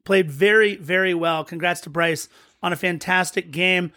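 A man's voice: high voice, fairly even intonation, moderate pace, bright, forceful tone, no room sound, clean studio sound. A man co-hosting a podcast, talking through a soccer match in an eager, rambling way with frequent restarts. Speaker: podcast co-host. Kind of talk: casual match-recap chat.

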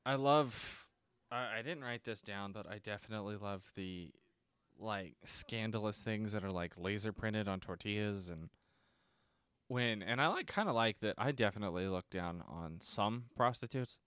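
Rambling, profane man with a low voice. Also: normal speed, fairly bright tone, clear, resonant tone, no echo. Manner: rambling and profane, with frequent restarts and fillers. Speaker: podcast host. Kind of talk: casual solo movie-review podcast. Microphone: speaks from notes, seated at a desk mic.

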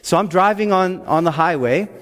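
A man telling a personal faith testimony in an animated, excitable way, with frequent "okay?" asides. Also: high-pitched, moderate pace, big-room sound. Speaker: speaker sharing a faith testimony.

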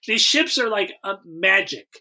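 A man co-hosting a podcast, recapping a movie plot in casual chat with a wry, deadpan humor. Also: high-pitched, measured pace. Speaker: podcast co-host.

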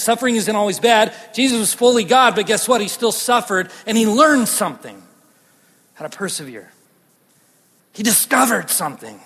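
A man with a high voice preaches a sermon in a large church hall. He is out of breath and animated, jumping from loud bursts to hushed lines. His voice trails off in a long, ringing reverb. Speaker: pastor.

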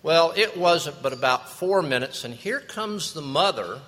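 A male pastor preaching with a bright, animated voice that rises and falls through his story. He talks at an unhurried pace, and his words ring out with the long reverb of a large hall. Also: fairly high pitch. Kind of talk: sermon.

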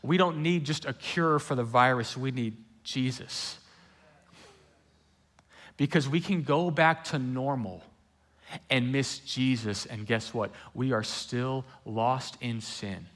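A man preaching a sermon in a conversational storytelling way, with quick runs and slow, hushed emphasis. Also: medium pitch. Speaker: pastor.

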